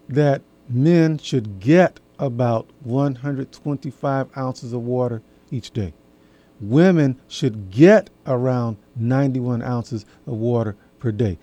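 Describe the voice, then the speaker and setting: Slow, mellow-voiced man talking to listeners. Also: medium pitch, dry recording. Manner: slow, folksy, repeats key phrases for emphasis. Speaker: host. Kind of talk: casual talk to an audience.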